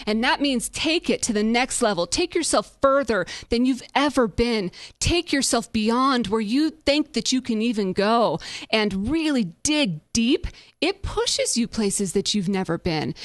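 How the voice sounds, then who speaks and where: A woman's voice: on the high side, no room sound. A woman in her thirties hosting a podcast, telling a story in a candid, upbeat way and now and then swearing. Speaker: podcast host.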